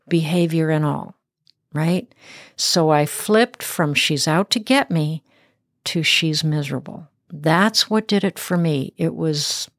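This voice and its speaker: Woman parenting host, middle-aged, earnest, emphatic, unhurried, dry. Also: low voice, gravelly, no echo. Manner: earnest, emphatic, tag questions like "right?". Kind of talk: instructive monologue.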